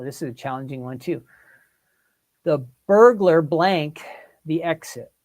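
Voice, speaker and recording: A man's voice: on the high side, darkish tone. A man hosting a livestream, thinking aloud through word quiz questions and asking viewers for their answers. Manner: thinks aloud, polls the chat. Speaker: livestream host. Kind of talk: casual live quiz chat with viewers.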